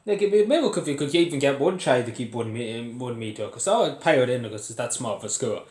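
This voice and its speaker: Here a young vlogger from Ireland delivers furious commentary to camera in his home, swearing and letting out bitter laughs at what he describes. His mid-range voice has a darkish tone, lively intonation and a fast pace. It's captured in an echoey room on a phone or camera lying on its side.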